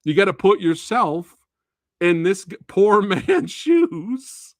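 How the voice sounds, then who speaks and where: Animated, swearing male movie reviewer. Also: high voice, slow pace, no echo, studio quality. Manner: animated, profane, laughs often. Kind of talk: casual live-stream movie talk.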